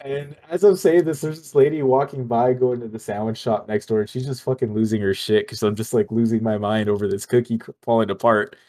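A young man co-hosting a podcast, telling a story in casual chat with animated energy, frequent laughs and casual swearing. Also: medium pitch, a little fast, few pauses. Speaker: podcast co-host.

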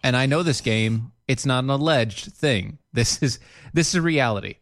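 A man co-hosting a casual podcast chat, animated and jokey, jumping up in pitch for emphasis. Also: moderate pace. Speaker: podcast co-host.

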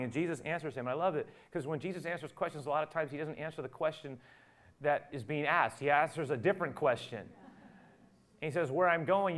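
A male pastor preaching a sermon, acting out the dialogue he quotes and rising from quiet to loud. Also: on the high side.

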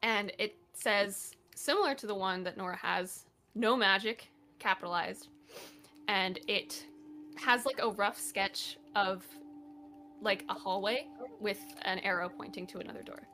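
A woman's voice: medium pitch, unhurried, sharp tone, soft background music. A woman narrating a tabletop game as game master, casual with many fillers and frequent laughter.

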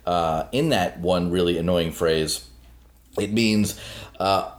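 Man, lowish voice, sardonic podcast commentary, rambling with fillers. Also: takes it slowly. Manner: sardonic, mocks a phrase in a sing-song voice; hesitant fillers, long digressions. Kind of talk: opinionated political talk.

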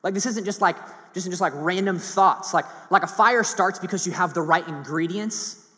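A man preaching a sermon in a casual, animated way with many fillers. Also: high voice, normal speed. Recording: long hall reverb.

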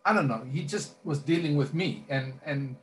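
A man's voice: a little high, normal speed. A man who is a minister, earnestly telling a personal testimony in conversation, rambling with many fillers and restarts.

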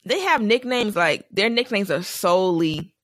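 A young woman in casual chat, telling animated stories and laughing often. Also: medium pitch, normal speed, no echo, clean studio sound.

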